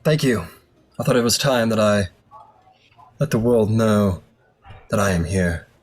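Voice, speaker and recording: A man's voice: fairly low pitch, measured pace, soft background music. A man voicing a pompous, overconfident young elf archer who speaks in grand, formal phrases.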